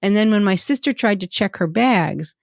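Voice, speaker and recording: A woman in casual podcast chat, telling trip stories with quick asides. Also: mid-range voice, lively intonation, creaky, no room sound, clean studio sound. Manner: chatty storyteller, quick asides. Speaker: podcast guest.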